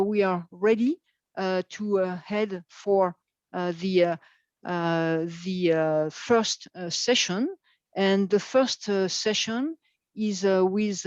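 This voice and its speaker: Woman host, halting and filler-heavy, dry dull video-call sound. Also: mid-range voice, a little mellow, no room sound. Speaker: event moderator. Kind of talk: hesitant live announcements.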